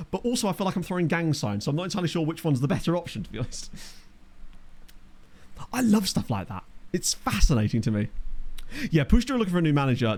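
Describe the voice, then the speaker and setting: A man's voice: a little high, darkish tone. A young man chatting casually while streaming a football management game, with wry asides and replies to chat. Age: young adult. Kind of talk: casual live-stream commentary. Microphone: desk microphone.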